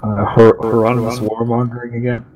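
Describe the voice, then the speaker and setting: A man's voice: medium pitch, monotone, brisk, a crowd in the background, poor audio. A man chatting casually with friends in a gaming voice chat.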